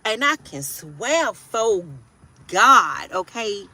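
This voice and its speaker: A woman's voice: medium pitch, big pitch swings, very slow, sharp tone. A woman in her forties giving a casual tarot reading, blunt and profane, preaching and often asking if you hear her. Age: 40s. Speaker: tarot reader.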